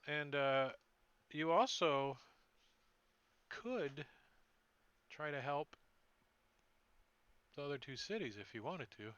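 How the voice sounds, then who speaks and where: Bright-voiced man running a tabletop game. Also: a little high, slow, pauses often, clean tone, no room sound, dull audio. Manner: relaxed, rambling, loose fillers. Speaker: game master.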